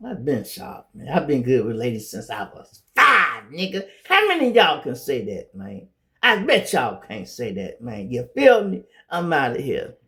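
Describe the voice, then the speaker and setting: A man's voice: medium pitch, moderate pace. A middle-aged man with a Chicago accent telling casual stories as a show host, acting out quoted voices. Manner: animated, acts out quoted voices. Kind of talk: casual storytelling monologue.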